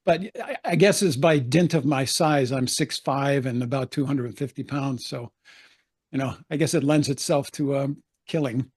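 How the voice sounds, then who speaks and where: A man's voice: medium pitch, normal speed, darkish tone, breathy edge. An older man, an actor, telling anecdotes in a chatty interview, laughing often and acting out the voices he quotes. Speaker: actor guest.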